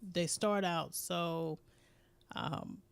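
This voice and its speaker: A woman's voice: on the low side, drawn-out words, gravelly, clear, resonant tone. A woman hosting a talk show, speaking in an emphatic, encouraging way and repeating her praise. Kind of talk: casual chat.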